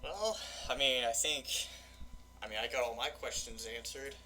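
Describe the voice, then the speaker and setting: A man's voice: mid-range voice, normal speed, sharp tone, a little hiss or hum. A man hosting a casual podcast, rambling along with lots of filler phrases. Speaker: podcast host.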